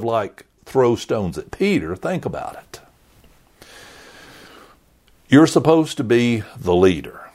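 A man's voice: lowish voice, warm tone. A man preaching a sermon, retelling a story with drama and acting out characters' thoughts.

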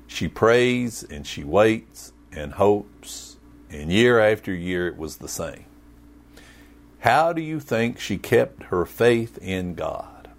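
A man preaching a sermon, telling the story with humor and folksy sayings. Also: on the low side. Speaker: pastor.

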